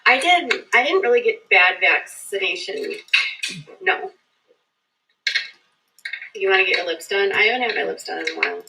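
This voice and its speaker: A woman's voice: medium pitch, very animated, moderate pace, creaky, pauses often, noisy background. A woman chatting casually on a livestream, talking straight to her viewers.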